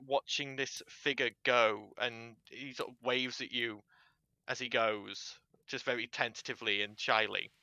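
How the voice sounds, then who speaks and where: A man's voice: mid-range voice, pushed and bright, dry recording, lo-fi sound. A man narrating as game master of a tabletop game, descriptive and chatty. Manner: descriptive, uses fillers.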